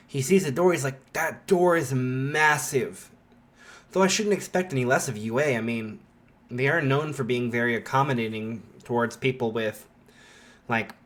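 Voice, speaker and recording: A man's voice: medium pitch, a bit bright. A man narrating a fan story in a rambling, casual way, full of filler likes.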